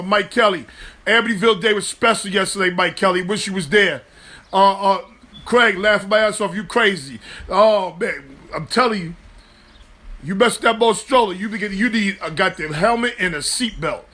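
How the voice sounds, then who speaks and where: Bright high-voiced joking host. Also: male voice. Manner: animated, loose and joking, swears freely. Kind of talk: live sports talk show.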